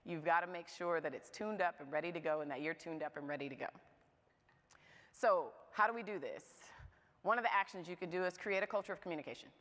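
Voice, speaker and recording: Speaking at a moms' event, a woman with a somewhat low, a bit bright voice gives a candid, funny motivational talk to a live audience. She talks fast, and her words ring out with long reverb in a church hall.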